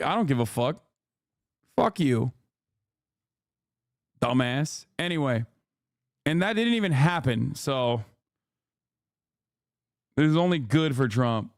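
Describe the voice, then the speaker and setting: A man's voice: fairly high pitch, no room sound, clean studio sound. A man in his thirties ranting on a live stream, crude, mocking and combative. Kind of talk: profane live-stream rant.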